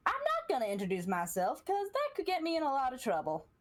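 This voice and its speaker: A woman plays a secretive Southern woman in a tabletop game, who is coy and evasive about who she is. The voice is lively and bouncy, with a pitch that swings around a lot. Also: quick pace. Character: secretive woman, guarded about her past. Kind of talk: tabletop role-play.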